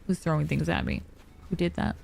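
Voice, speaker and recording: A woman streaming live, chatting in a soft, sleepy, unhurried way. Her tone is mellow and dark, with a light gravelly fry at the ends of phrases. She sits close to a dynamic mic. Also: sits low, slight background noise. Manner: soft, sleepy and calm, yawning. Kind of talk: relaxed live-stream chat. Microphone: dynamic studio mic.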